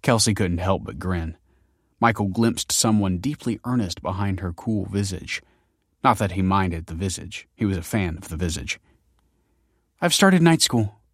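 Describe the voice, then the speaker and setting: A man with a lowish voice reads a story aloud in an even, measured way. The recording is dry and close, with no room sound. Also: dry recording. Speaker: narrator. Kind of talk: audiobook narration.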